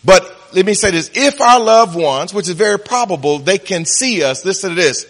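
A man with a high-pitched voice preaches a sermon, drawing out key words slowly, then speeding up and breaking into laughter at his own punchlines. His voice rings through a big hall with a long, trailing reverb. The delivery is a pastor working the congregation, soft one moment and loud the next. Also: expressive.

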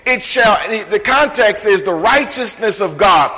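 Male preacher, emphatic sermon, high bright voice, shouts then drops low, long echo of a church hall. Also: lively intonation, a little slow. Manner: emphatic, swings from shouted lines to hushed ones. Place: church sanctuary.

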